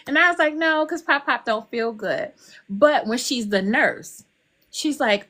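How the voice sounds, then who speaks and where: With a high voice and a measured pace, an older author guest talks in a relaxed, conversational way. Her storytelling is lively, and she voices the people she describes.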